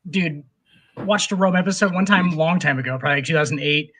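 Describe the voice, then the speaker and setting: A man's voice: on the high side, fast, fairly bright tone, slight background noise. A man co-hosting a sports podcast, telling stories in a rambling, profane, casual way. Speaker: podcast co-host.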